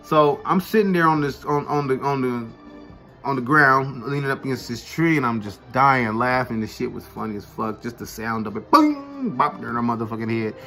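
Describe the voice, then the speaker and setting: A man's voice: mid-range voice, fairly even intonation, a little fast, pushed and bright, soft background music. A man casually telling a story from his school days in a laid-back, profane way, full of street slang and "you know what I'm saying". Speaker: vlogger telling a personal story.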